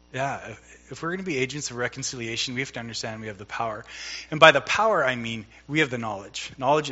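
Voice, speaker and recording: A man's voice: mid-range voice, bright, forceful tone, lo-fi sound. A middle-aged man preaching a sermon in a conversational way, telling a personal story and acting out the dialogue. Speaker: pastor.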